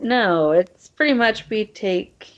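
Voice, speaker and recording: A woman's voice: mid-range voice, lively intonation, takes it slowly. A woman playing a breezy country fire-cultist. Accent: American Southern country. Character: female fire-cult devotee on a quest. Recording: dull lo-fi sound.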